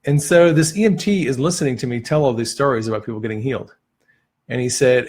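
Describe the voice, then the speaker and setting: Male teacher, mid-pitched, slightly husky, relaxed storyteller with filler pauses. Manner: relaxed storytelling with frequent "uh" and restarts. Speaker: Christian teacher on healing prayer. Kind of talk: teaching through personal stories.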